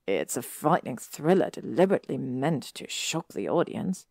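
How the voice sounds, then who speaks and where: A woman voicing an earnest, studious teenage wizard boy in a measured way, read from a story. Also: very deep voice, very animated, vocal fry, darkish tone, husky, no room sound, studio quality, exaggerated voice.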